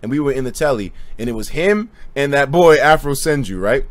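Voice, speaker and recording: A man livestreaming and casually telling stories, profane and animated, often breaking into laughter. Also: medium pitch, a little fast.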